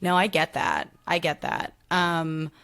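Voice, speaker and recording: A woman hosting a podcast, chatting casually about a reality show, full of "like" fillers and quick impressions of people. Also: sits low, creaky. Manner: animated, lots of "like" fillers, mimics people. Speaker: podcast host. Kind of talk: casual chat.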